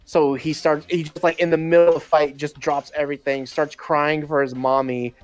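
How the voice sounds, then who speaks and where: A man's voice: on the high side, level tone, normal speed, faint music behind. A man chatting casually on a gaming stream, ranting with plenty of swearing. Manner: profane, ranting.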